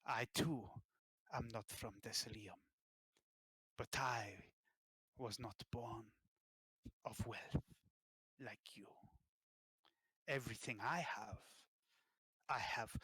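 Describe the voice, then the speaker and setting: Man doing a refined, proud gentleman. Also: medium pitch, slightly rough, no echo, heavily acted, poor audio. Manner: slow, formal, hushed and measured. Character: refined self-made gentleman, proud, probing.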